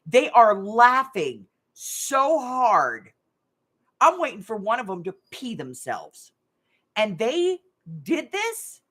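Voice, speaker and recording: Chatty craft channel lady, swears casual, bright voice going up and down a lot. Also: mid-range voice. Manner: animated, blunt, swears casually. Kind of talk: casual storytelling and hosting a live game.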